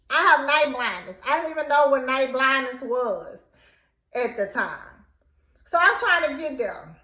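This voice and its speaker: A young adult woman telling a casual story time, animated and dramatic as she acts out what was said. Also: high voice, roomy sound. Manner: animated, dramatic retelling with quoted outbursts.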